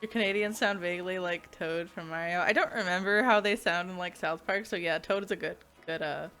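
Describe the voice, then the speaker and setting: A woman's voice: on the low side, steady tone, a little fast, bright, forceful tone, soft background music. A young woman streaming a game as a VTuber, chatting casually, reading chat aloud and laughing often.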